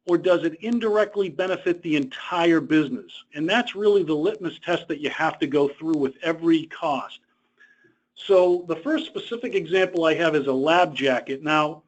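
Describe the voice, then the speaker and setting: A man presenting a webinar lecture in a conversational way, explaining rules through personal stories. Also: fairly high pitch. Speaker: presenter on government contract costs. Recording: dull lo-fi webinar audio.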